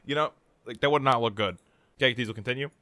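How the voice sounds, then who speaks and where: A man's voice: medium pitch, fast talker, sharp tone. A man co-hosting a podcast, explaining at length and steering the conversation back on track. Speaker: podcast co-host. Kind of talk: casual chat.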